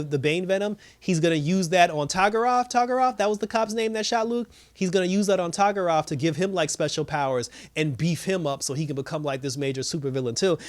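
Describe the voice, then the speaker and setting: Male reviewer, casual recap, slightly high voice, loose chatty delivery. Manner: animated storytelling, many fillers. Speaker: TV episode reviewer.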